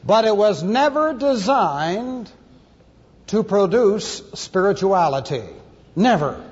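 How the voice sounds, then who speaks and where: A man with a high, husky voice preaches slowly yet with great animation, teaching the Bible expositorily through Greek word study. Emphatic throughout, he spells Greek words one letter at a time and adds dry jokes. The lo-fi recording echoes as in a large hall.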